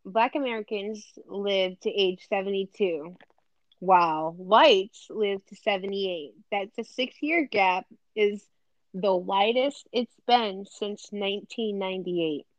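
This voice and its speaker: A woman's voice: mid-range voice, slow pace, dry recording. Emphatic woman podcast co-host. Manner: animated, emphatic, reads out statistics. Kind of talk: casual chat. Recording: dry, slightly dull recording.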